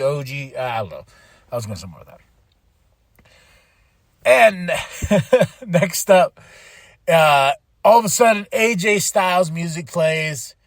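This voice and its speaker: A man hosting a podcast, rambling excitedly through a casual wrestling recap, laughing and losing his train of thought. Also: on the high side, creaky, dry recording, clean studio sound. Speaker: podcast host.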